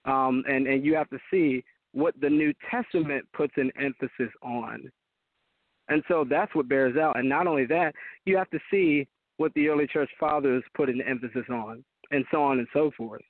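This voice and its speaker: A man's voice: medium pitch, moderate pace, no room sound. A man speaking as a Christian apologist guest on a call-in show, emphatic and preacherly. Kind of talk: call-in talk show debate. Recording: tinny phone-line call-in audio.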